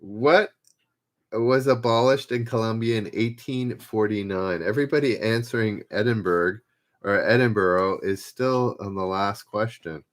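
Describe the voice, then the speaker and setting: A man hosting a live-stream trivia game, relaxed and self-deprecating, repeating each question as he reads out viewers' guesses. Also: fairly low pitch, unhurried. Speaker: trivia host.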